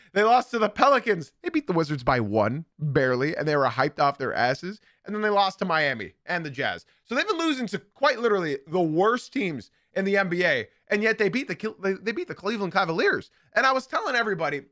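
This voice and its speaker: A young man hosts a live basketball podcast, his voice high and bright. He talks in an emphatic, opinionated way and hammers his points through repetition. The sound is dry and close, with no room around him. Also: dry recording. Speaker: podcast host. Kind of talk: live sports podcast commentary.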